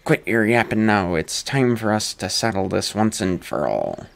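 A man reading a brawny, hot-headed male warrior in a rough, folksy, taunting brogue, in a low, creaky voice. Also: very animated, normal speed, soft background music.

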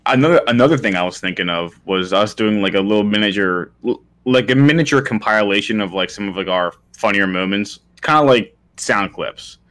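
Lowish-voiced man rambling through ideas. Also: brisk, a bit bright. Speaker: podcast co-host. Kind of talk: casual chat.

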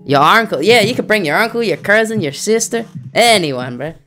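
A man's voice: sits high, animated, fairly quick, bright, forceful tone, a little hiss or hum. A man hosting a video chat video, joking and playful. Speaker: host. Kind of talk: casual chat.

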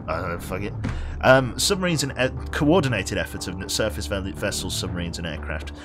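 Over music, a young man from England with a Birmingham accent keeps up casual live-stream chat while gaming, animated and fairly quick in a low voice. He's self-mocking, laughs frequently, and swears freely.

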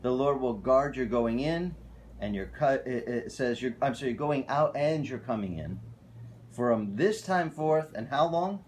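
A male pastor preaching a casual, animated sermon at a church fellowship. He often tells stories and corrects himself mid-sentence. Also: mid-range voice, a little slow, slight background noise. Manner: animated, storytelling, self-correcting.

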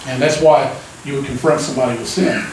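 A man preaching a conversational sermon, folksy and relaxed, often turning to the congregation with a quick "amen?". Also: mid-range voice, a little hiss or hum. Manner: folksy, keeps asking the crowd "amen?". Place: church sanctuary. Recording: echoey church room, mic at a distance.

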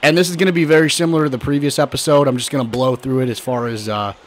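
A hoarse man giving casual, excitable commentary while playing a baseball video game, often swearing and shouting at the players. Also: medium pitch, racing, a little hiss or hum. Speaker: gaming channel host.

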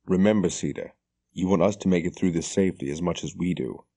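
A man's voice: low-pitched, quick pace, warm tone. A man reading a stern, determined young woman's lines, firm and grim in an audiobook.

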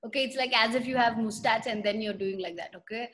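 A woman with a high voice leads a children's lesson over a video call. She tells a story and stops often to quiz the kids. She acts out the voices of the people in it. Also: fast talker. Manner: animated, asks children questions and acts out voices. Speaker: children's Sunday school teacher.

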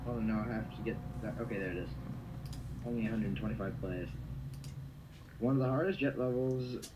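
Chatty young gamer host, faint hiss. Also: male voice, on the low side, fairly quick. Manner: chatty, stammers and restarts, jokey asides. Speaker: host of a web show. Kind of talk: casual gameplay commentary. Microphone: home mic that drops in level.

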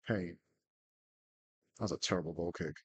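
A man's voice: sits low, normal speed, slightly rough, no room sound. A man hosting a gaming podcast, giving casual live commentary on his football management game in terse name calls and frustrated curses. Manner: terse, calls out player names, swears when frustrated.

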